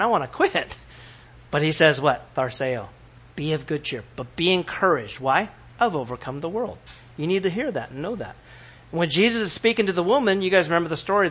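Guy preaching, bright forceful voice, pretty high, gets loud acting out the bible stories. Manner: animated, acts out biblical quotes with sudden shouts. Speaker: pastor. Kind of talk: sermon.

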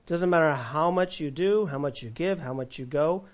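A male pastor preaching a sermon, asking the congregation questions and swinging between loud and quiet. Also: on the high side, moderate pace. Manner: preaching with audience call-and-response, dramatic volume swings.

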